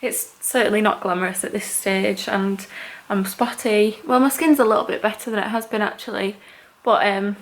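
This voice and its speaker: A woman chatting casually to camera in a vlog, emotional and quick to laugh, with lots of "like"s. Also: medium pitch, fairly even intonation. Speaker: vlogger.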